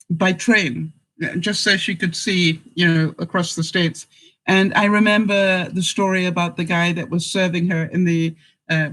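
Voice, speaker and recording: A man with a rather high voice chats loosely to his vlog audience. He rambles through stories with plenty of fillers and frequent chuckles. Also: a bit bright, poor audio. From England. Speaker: vlogger host. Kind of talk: casual chat answering viewers.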